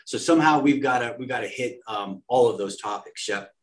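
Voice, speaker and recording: An energetic man speaks as a guest on a business podcast. His voice is of ordinary pitch, and he talks with eager drive. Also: brisk. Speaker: guest, marketing executive. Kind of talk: business interview.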